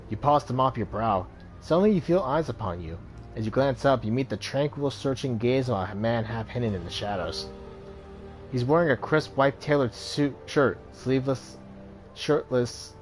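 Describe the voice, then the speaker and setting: A man hosting a let's play and reading the game's text aloud, often stumbling and correcting himself. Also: mid-range voice.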